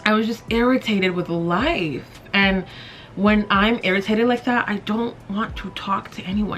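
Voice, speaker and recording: A woman's voice: medium pitch, measured pace, fairly bright tone, soft background music. A woman in her twenties chatting candidly in her bedroom while doing her makeup, rambling with lots of fillers. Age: 20s. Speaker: beauty vlogger.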